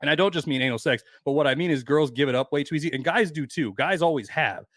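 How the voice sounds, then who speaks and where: A man's voice: a little high, quick pace, fairly bright tone, dry recording. A man in his forties telling rambling, profane stories on a podcast as a guest, acting out other people's lines. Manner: profane, rambling anecdotes with quoted voices. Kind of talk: casual podcast storytelling.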